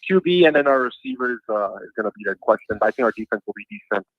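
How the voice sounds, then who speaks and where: A male caller talks in a relaxed, hedging way, full of fillers. His voice sits somewhat low. The call sounds dry and dull, like a phone line. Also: fast talker, no room sound. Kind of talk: casual call-in chat.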